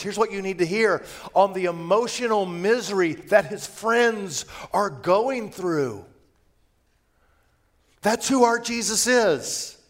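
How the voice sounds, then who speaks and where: A male pastor preaching a sermon in an emphatic, conversational manner that swells into loud declarations. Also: high voice.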